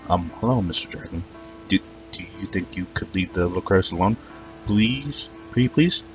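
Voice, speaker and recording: Shy gentle pony girl, soft and stammery, a guy doing her voice, low voice. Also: expressive, normal speed, far from the mic, soft background music. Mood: pleading. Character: timid gentle young female pegasus pony.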